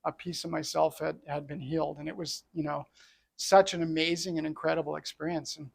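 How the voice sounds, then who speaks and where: A man's voice: on the high side, level tone, fairly quick, gravelly. A middle-aged man from Canada, an entrepreneur telling his own story in an earnest, reflective way. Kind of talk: personal storytelling talk.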